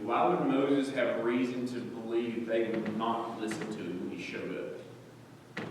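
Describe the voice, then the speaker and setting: A man's voice: on the low side, fairly even intonation, takes it slowly, slight background noise. A man leading a Bible study in a church, talking conversationally and quizzing the congregation with frequent "okay?" checks. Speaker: Bible teacher. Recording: echoey church hall, mic far off.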